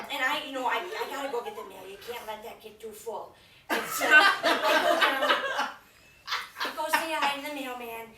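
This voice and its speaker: A woman's voice: sits high, recorded from a distance. A young woman with a Wisconsin accent playing a chatty, flustered witness testifying in court, rambling and giggling through her story. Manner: rambling, giggly, breaks into loud laughs. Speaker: comedic character monologue. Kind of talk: improvised comic monologue. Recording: roomy, off-mic with faint noise.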